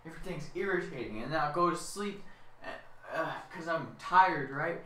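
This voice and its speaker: A man's voice: fairly high pitch, normal speed, sharp tone. A young man rambling in a whiny, self-mocking rant, repeating himself as he complains. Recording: echoey room, far from mic.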